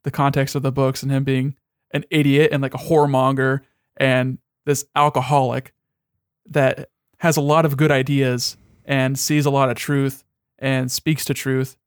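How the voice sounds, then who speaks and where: A man's voice: medium pitch, level tone, moderate pace, clean tone, no room sound, studio quality. A young man in casual chat as a podcast co-host, rambling and swearing freely, with many restarts.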